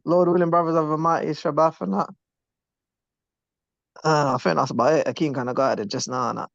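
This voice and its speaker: Young host, fast, gravelly, brisk and prompting, dry lo-fi call audio. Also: male voice, fairly high pitch, steady tone, dry recording. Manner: brisk, prompting, mimics others' voices. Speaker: class host. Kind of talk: casual call chat. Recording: dull lo-fi audio.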